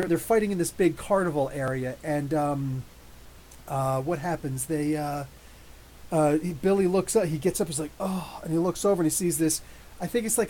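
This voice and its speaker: A man hosting a casual live-stream movie review, excitable and rambling, with many restarts and fillers, answering chat comments as he goes. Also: on the high side. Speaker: YouTube comics channel host.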